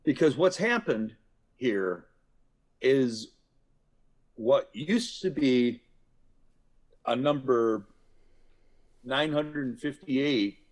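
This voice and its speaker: A middle-aged man, a guest author, explaining how to calm angry people in a casual interview and acting out examples. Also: mid-range voice, very slow, pauses often. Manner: animated storyteller, acts out examples. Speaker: guest, author and workplace violence speaker. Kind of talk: conversational podcast interview.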